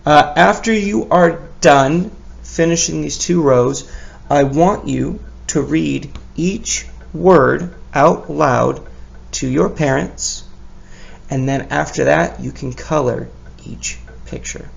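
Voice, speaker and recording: A male teacher leads a children's spelling lesson at an unhurried pace. His fairly high voice carries a heavy gravelly fry. He sounds out each letter patiently and keeps praising the kids. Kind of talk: recorded lesson for young children.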